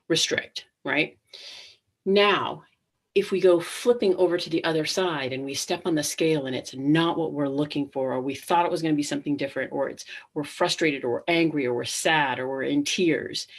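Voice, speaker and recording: A middle-aged woman hosting a live webinar, talking casually with many ums and restarts and acting out inner thoughts. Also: deep voice. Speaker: webinar host.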